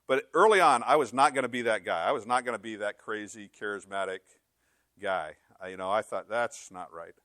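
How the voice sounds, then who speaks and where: A man's voice: fairly low pitch, a little fast, no room sound, studio quality. A man preaching a sermon as pastor, telling funny stories and acting out the voices of the people in them. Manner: animated storytelling with comic voices.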